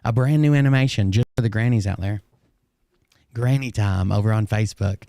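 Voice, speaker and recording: A man streamer talks to his chat in blunt, sarcastic asides, with profanity thrown in freely. His voice is smooth and clear, a little strained. The sound is dry and close. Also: fairly low pitch, brisk, mellow, dry recording. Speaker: streamer reacting to clips. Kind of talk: casual profane commentary.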